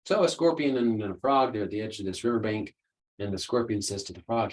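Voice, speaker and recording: A man's voice: fairly low pitch, quick pace, darkish tone, low-quality recording. A man hosting a solo podcast, explaining ideas in an earnest, conversational way. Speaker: podcast host, coach.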